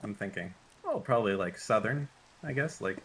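A man chatting on a stream in a rambling, defensive way. His voice is bright and his pitch moves around a lot. Faint noise sits under the recording. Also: lively intonation, normal speed. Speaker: stream guest. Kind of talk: casual chat.

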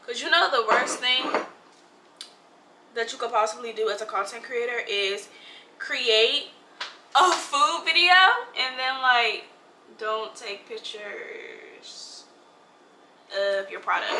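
Bright-voiced young woman food vlogger. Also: a little high, slow, pauses often, echoey room, slight background noise, low-quality recording. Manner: chatty, playful, talks to viewers as girl. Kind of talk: casual vlog chat. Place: home kitchen. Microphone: phone camera.

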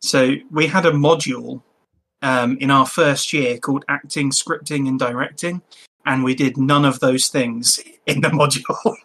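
Bright-voiced chatty young man, podcast guest. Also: medium pitch, fairly even intonation, moderate pace. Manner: chatty, laughs often, restarts sentences. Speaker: podcast guest, game master. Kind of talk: casual podcast chat.

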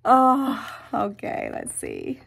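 A woman reading a picture book aloud to children, animated, with sound effects and soft whispered asides. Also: on the high side, very slow, gravelly, slightly rough. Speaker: storyteller.

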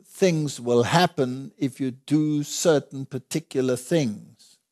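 A man's voice: medium pitch, slow, a little mellow. Earnest man teaching scripture. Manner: earnest, reads scripture aloud in King James wording. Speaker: Bible teacher. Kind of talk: conversational Bible study.

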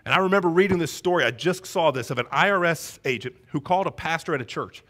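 A man's voice: on the high side, quick pace. A man in his thirties preaching a sermon in a church, telling stories with energy and acting out the voices in them. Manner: animated storytelling, acts out voices. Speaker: pastor. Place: church sanctuary.

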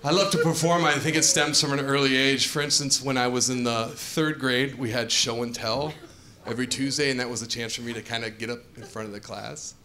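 A male stand-up comedian who tells his jokes in an animated way and acts out customers and counter workers, on a comedy club stage. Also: medium pitch, fairly quick. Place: comedy club stage before a laughing crowd. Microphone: handheld stage mic. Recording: live club audience laughter.

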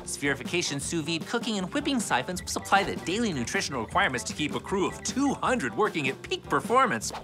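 An eager young puppet host. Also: male voice, sits high, fast talker, few pauses. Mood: excited. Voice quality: lively, eager, exclamatory. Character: cheerful young male puppet, earnest, starstruck. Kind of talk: behind-the-scenes hosting with jokes. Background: music.

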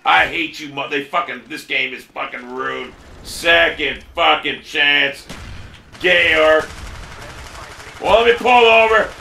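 A man playing a shooter game, raging, cursing and shouting at the game as he plays. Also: on the high side, slow pace, vocal fry, roomy sound, slight background noise. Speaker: gamer. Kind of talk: angry gameplay commentary.

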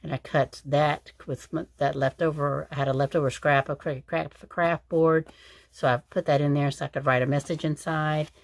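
A woman's voice: low voice, steady tone, normal speed, vocal fry, no echo. A woman chatting casually as she shows her crafts, rambling with lots of fillers and restarts. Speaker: crafting channel host. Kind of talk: casual craft show-and-tell.

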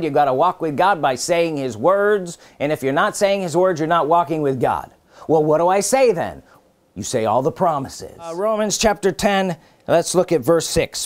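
A man with a high-sitting voice preaches a sermon, stressing and repeating key phrases. He asks his listeners questions and reads scripture in older, formal wording.

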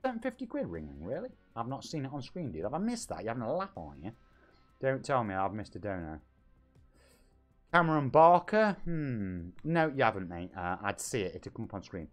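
A British man in his forties, streaming from his home setup with a bouncy, lively voice that swoops up and down. He shouts out viewers with excitable hype and easy banter, with faint music under him. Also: mid-range voice, fairly quick. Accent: British English. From England. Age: 40s. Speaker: game streamer. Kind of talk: lively live-stream chat. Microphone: home streaming microphone.

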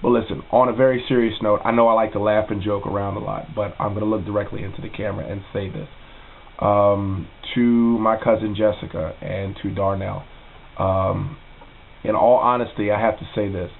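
Low-voiced man hosting a casual vlog. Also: a little fast, vocal fry, narrow, tinny audio, a little hiss or hum. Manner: relaxed, rambling, with many fillers. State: emotional, voice dropping softly. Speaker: vlog host. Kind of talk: casual vlog talk to camera. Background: faint music.

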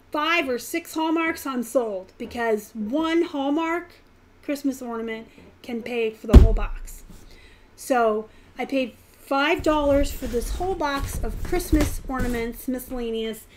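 Chatty, animated woman hosting a live stream. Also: sits high. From Pittsburgh area, US. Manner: chatty, animated, bursts of fast talk. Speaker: live stream host, reseller. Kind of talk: casual live stream chat.

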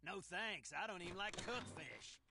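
A stubborn, curt guard. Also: male voice, sits high, animated, moderate pace, gravelly, background noise. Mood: dismissive. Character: gruff, stubborn male guard refusing sushi. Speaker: game character. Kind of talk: game dialogue.

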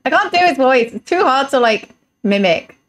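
A woman's voice: high voice, animated, moderate pace. A woman chatting casually, laughing and breaking off as she keeps trying out voices. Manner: giggly, self-interrupting, trying out voices. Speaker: streamer. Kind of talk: casual chat.

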